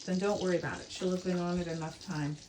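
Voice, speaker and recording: A young woman gives a pet sitter fast, rambling instructions during a casual home video tour of her kitchen, stumbling through fillers and restarts. Her voice is fairly low and steady, and the background is noisy.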